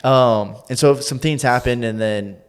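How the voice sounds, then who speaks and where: Lively storytelling man from rural Tennessee. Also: mid-range voice, a little slow, clear, resonant tone. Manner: lively, acts out quoted voices, frequent laughter, restarts. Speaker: podcast guest, former pro fighter. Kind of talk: casual storytelling in an interview.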